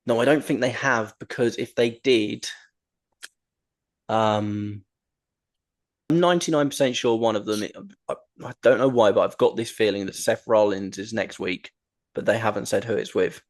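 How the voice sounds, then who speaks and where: This podcast host has a fairly low-pitched male voice and talks at a normal speed. He chats casually and with real enthusiasm about wrestling, rambling along with lots of ums and restarts.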